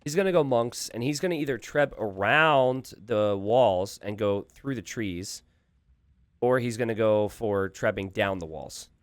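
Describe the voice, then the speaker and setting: A man casting a live strategy game, thinking aloud with animated asides to his viewers. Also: on the low side, unhurried, no echo. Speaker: game caster.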